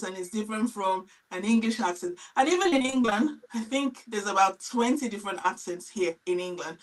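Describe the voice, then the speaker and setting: A middle-aged woman teacher speaks earnestly in a live-stream panel. Her advice is explanatory and direct, with a mid-range pitch. She sounds a little distant from the microphone. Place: lives in England.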